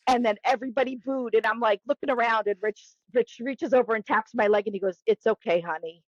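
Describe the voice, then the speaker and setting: Animated, high-voiced woman telling stories. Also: quick pace, no echo. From New Jersey. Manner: animated storyteller, acts out quotes. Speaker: podcast co-host. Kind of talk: casual chat. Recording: dull, dry lo-fi sound.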